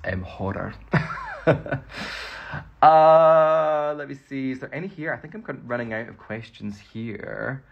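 A man's voice: fairly low pitch, husky. A Scottish man, an actor, rambling cheerfully through fan questions in a casual phone livestream. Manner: chatty, rambling, laughs often.

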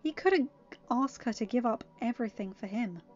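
A woman narrates a storybook, her fairly high voice steady and expressive. The sound is dull and lo-fi, with faint music underneath. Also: moderate pace. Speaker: reader.

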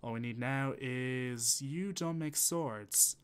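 A man's voice: mid-range voice, takes it slowly, smooth. A man, chatting and swearing casually as he thinks aloud while playing a game on stream. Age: 20s. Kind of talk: casual gameplay commentary.

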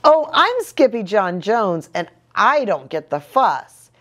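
A woman's voice: medium pitch, very animated, slow, fairly bright tone. A woman voicing a playful boy kitten who pretends to be a Chihuahua, bouncy and showy, in a storybook reading.

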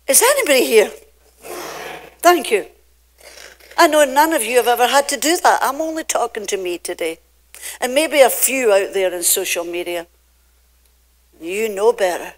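This pastor is an older woman from Scotland whose fairly high, very animated voice carries a Scottish accent. Preaching from the pulpit, she stretches out emphatic phrases and moves back and forth between loud and quiet.

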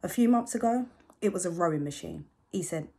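A sardonic young narrator, played by a woman, tells a family tale in dry, grumbling asides. The voice sits a little low and has a husky grain. It is a solo stage monologue. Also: lively intonation, brisk, warm tone, full character voice. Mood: wry. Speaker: stage actor.

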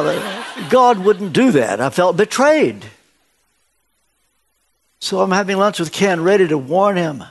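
Older preacher telling a story, fairly high voice. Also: male voice, vocal fry. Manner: storytelling, acts out dialogue with shifts of pitch. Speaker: guest preacher. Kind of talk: sermon. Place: church.

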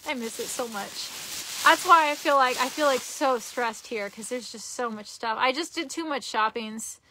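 A woman's voice: on the high side, normal speed, bright, forceful tone, slight background noise. A young woman chatting casually on a live stream from her cluttered bedroom, giggly and rambling, often restarting her sentences. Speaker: vlogger.

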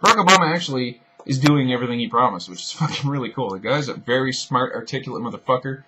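A man's voice: medium pitch, expressive, fast talker, sharp tone, husky. A young man ranting to the camera in a rambling, profane, sarcastic way. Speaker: video blogger.

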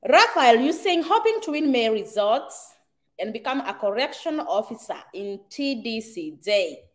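A woman's voice: on the high side, big pitch swings, normal speed. Chatty Kenyan woman hosting a livestream. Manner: chatty, reads viewer comments aloud, mixes in Swahili. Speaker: livestream host. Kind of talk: casual livestream chat.

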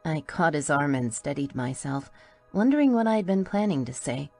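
A woman's voice: sits low, animated, normal speed, dark tone, faint music behind. A woman narrating a first-person audiobook in a wry, playful storytelling manner.

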